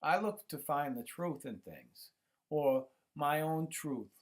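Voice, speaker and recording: Rambling middle-aged man, slightly high. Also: animated, takes it slowly. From United States. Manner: rambling, many fillers and restarts. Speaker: YouTube channel host. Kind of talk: casual monologue to camera. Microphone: computer microphone.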